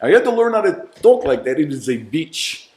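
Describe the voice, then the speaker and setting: A man's voice: a little high, big pitch swings, normal speed, darkish tone, pitched above the performer's own voice. A man voicing a male film character with an exaggerated put-on Russian accent. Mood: mock-dramatic. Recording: roomy echo.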